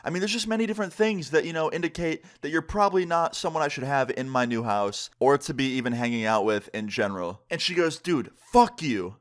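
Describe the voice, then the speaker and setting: Young male vlogger, casual story time, mid-pitched voice, animated when quoting people. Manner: conversational, acts out quotes with pitch jumps. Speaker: YouTuber telling a story time.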